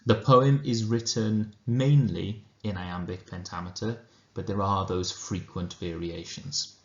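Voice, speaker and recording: A man with a Welsh accent teaching a lesson, explaining slowly and carefully, then reading a poem aloud. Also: on the low side, steady tone. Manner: slow, measured explanation. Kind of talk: recorded lesson and poetry reading. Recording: roomy, dull lo-fi recording.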